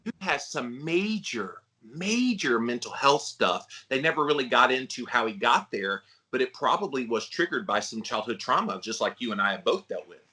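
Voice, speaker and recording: A male podcast host with a bright, forceful tone and a middle-range pitch. He talks in a reflective, casual way, drawing points out of his guest's story. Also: expressive, moderate pace, breathy edge. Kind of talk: casual interview chat.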